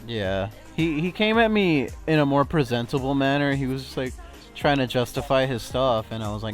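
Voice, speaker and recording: A man's voice: medium pitch, expressive, normal speed, soft background music. A man in his twenties chatting casually, reasoning earnestly and agreeing along. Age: 20s. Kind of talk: casual chat.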